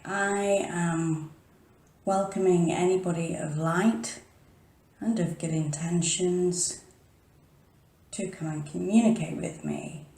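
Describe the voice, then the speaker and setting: Creaky, dark and on the low side, her steady voice moves at an unhurried pace as she talks casually to the camera at home in the early morning. The paranormal vlogger rambles, often lowers to a whisper and cuts herself off, with echo filling the room.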